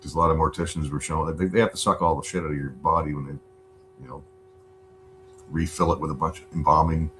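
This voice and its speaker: A very deep-voiced man talks on his home livestream in a loose, rambling way, with swear words dropped all through. Under his voice runs a faint steady hum. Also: quick pace. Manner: laid-back, rambling, swears a lot. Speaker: livestream host. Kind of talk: casual chat.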